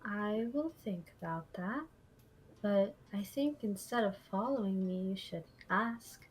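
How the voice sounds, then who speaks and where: A woman voicing a guarded young woman adventurer in tabletop role-play, speaking in a measured, firm way. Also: mid-range voice, animated, breathy edge, poor audio.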